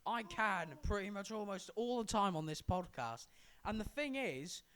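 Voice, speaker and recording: A man's voice: high voice, animated, moderate pace, a bit bright, smooth. A young man from England co-hosting a casual podcast, rambling and stumbling over his words, with a sore throat. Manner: rambling, stumbling, self-correcting. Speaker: podcast co-host. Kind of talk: casual chat.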